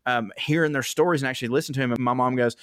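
A young man from the American South with a Southern accent, an animated storyteller who swears freely and acts out quotes in casual chat. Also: mid-range voice, very fast, clear, resonant tone, no echo, clean studio sound. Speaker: comedian guest.

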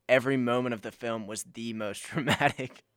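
A young man co-hosting a college radio podcast, easygoing and halting, chatting in a small studio. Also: mid-range voice, steady tone, a bit bright, clear, resonant tone, no room sound. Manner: easygoing, laughs often, halting. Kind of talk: casual chat.

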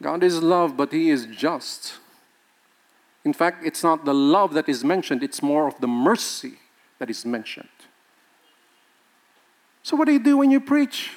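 A man's voice: fairly high pitch, big pitch swings, unhurried, pauses often, a little mellow. A male pastor, preaching a sermon with emphatic rhetorical questions and laughing with the congregation.

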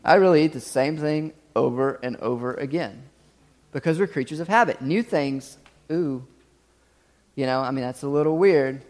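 A man in his thirties preaching a sermon, telling stories and acting out quoted voices, with lively asides to the congregation. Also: mid-range voice, normal speed. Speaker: pastor. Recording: long reverb of a hall.

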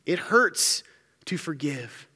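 Male pastor, energetic conversational sermon, slightly high voice, reverberant room. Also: slow, breathy edge. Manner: energetic, joking, conversational preaching.

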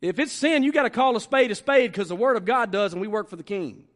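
A man preaching a sermon as pastor, emphatic, repeating phrases and slowing down to stress his points. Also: high-pitched, a bit bright. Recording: long reverb of a large hall.

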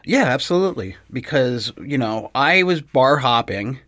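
A man who is a podcast guest, talking casually in a halting, hesitant way and often repeating his words. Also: mid-range voice, lively intonation, a bit bright. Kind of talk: casual conversation.

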